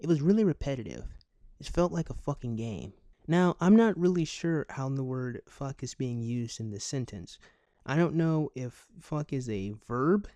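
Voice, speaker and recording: Sarcastic man with a dark voice. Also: medium pitch, moderate pace, no echo. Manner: sarcastic, deadpan asides between read passages. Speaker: commentary YouTuber. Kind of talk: reading a news article aloud with comic commentary.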